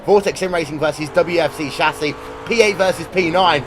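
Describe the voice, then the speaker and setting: A man doing live sim racing commentary, brisk and jokey, on a headset mic. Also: a little high, over music. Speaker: race commentator.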